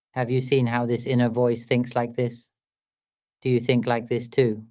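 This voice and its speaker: Calm man with a flat, even delivery. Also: medium pitch. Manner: calm and measured, asks many rhetorical questions. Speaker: spiritual teacher. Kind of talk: meditative dharma talk.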